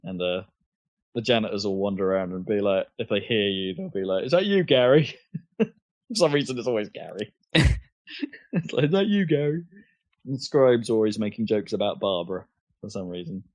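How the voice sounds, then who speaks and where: A man's voice: lowish voice, moderate pace, pauses often, a little mellow, no echo. A man co-hosting a podcast, chatting casually, with lots of fillers and restarts. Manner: hesitant, many fillers and restarts. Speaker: podcast co-host. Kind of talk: casual chat. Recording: dull lo-fi podcast audio.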